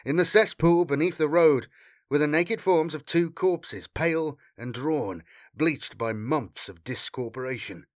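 A man narrating an action story with dramatic, expressive delivery. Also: on the high side, measured pace, no echo, studio quality. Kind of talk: audiobook narration.

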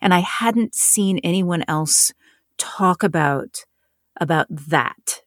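Thoughtful woman from North Carolina, lowish voice. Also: slow, no room sound, clean studio sound. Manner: thoughtful, with frequent restarts and repeated words. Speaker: author and audiobook narrator. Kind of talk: conversational interview.

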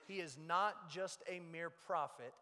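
A man preaching a sermon as pastor, moving between loud emphasis and hushed low lines. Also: a little slow. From United States. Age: young adult or middle-aged. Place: church sanctuary. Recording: long reverb of a large hall.

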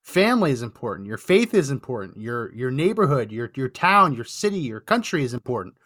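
A man's voice: medium pitch, big pitch swings, a little fast, fairly bright tone, no echo, studio quality. A man hosting a call-in talk show, chatty and agreeable, often affirming the caller. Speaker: host.

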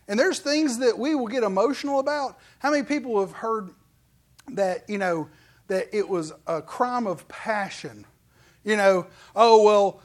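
Man, pastor, high voice, folksy animated sermon, playful asides.

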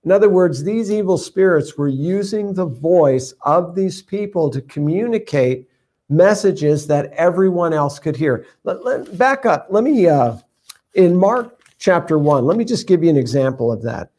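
Conversational male Bible teacher, slightly high. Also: lively intonation, measured pace, mellow. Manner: conversational, reads scripture aloud, many fillers. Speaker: preacher on a live stream.

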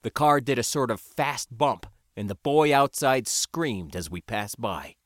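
A man's voice: medium pitch, animated, measured pace, dry recording. Guy reading an audiobook in first person, wry, voice bounces around a lot, super dry close sound. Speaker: audiobook narrator. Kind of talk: scripted first-person narration.

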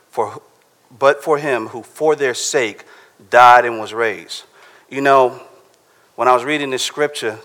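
A man delivers a sermon in a relaxed, conversational way and keeps checking in with his listeners. His voice sits at an ordinary middle pitch. A long reverb trails after his words, as in a church hall. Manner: casual, conversational preaching with frequent "right?". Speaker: preacher.

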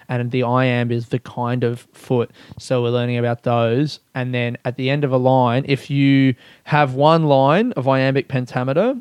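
A young man talking on his own podcast, rambling and swearing, laughing at himself between thoughts. His voice is smooth and full, with a mid-pitched tone. The sound is close and dry, with no room around it. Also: darkish tone, no room sound. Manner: rambling, swears, laughs often, self-mocking. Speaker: podcast host. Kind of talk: casual solo podcast chat.

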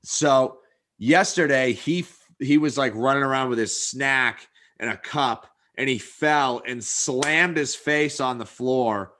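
A man's voice: medium pitch, slow, pushed and bright, slight background noise. Laid-back man co-host, casual and rambling. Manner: easygoing, rambling with fillers and swears. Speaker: podcast co-host. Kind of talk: casual chat.

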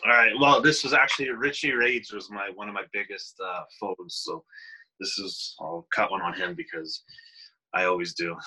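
A man's voice: fairly low pitch, expressive, a little slow, bright, forceful tone, breathy edge, low-quality recording. Laid-back male wrestler. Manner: loose and hesitant, with many fillers. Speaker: wrestler and interview guest. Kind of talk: casual interview talk.

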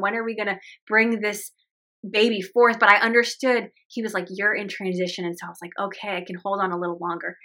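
A woman in her thirties talks through a personal faith story on her podcast in an earnest, emotional, chatty way. Her voice is bright and forward, at a middle pitch for a woman. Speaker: podcast host.

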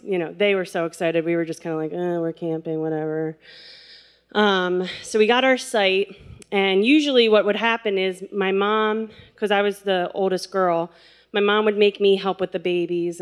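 A woman casually telling a funny personal story, animated, laughing and acting out quotes. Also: medium pitch, normal speed, clear, resonant tone.

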